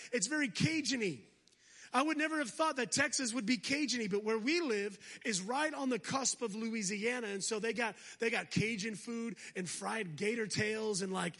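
High bright-voiced male guest preacher. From United States. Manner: exhorting, calls for crowd response, humorous asides. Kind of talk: energetic sermon. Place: church service.

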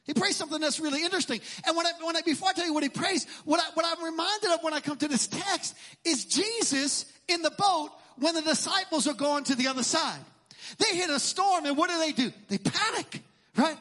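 A middle-aged man preaches a sermon in a church, with a very high voice and a sharp, bright edge. He is emphatic and rises to shouts at key points. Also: a little fast. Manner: emphatic preaching, sometimes shouting, acts out quotes. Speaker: pastor.

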